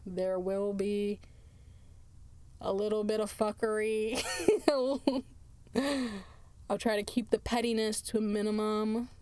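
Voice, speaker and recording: A woman's voice: medium pitch, level tone, slow pace, long pauses, a little mellow, smooth, dry recording. A woman hosting her own podcast in casual solo chat, tired, chatty and laughing often, drifting into asides. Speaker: podcast host.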